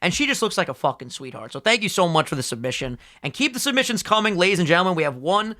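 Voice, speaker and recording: A young man co-hosting a podcast in casual chat, excitable and swearing often, breaking into high laughs. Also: quick pace. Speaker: podcast co-host.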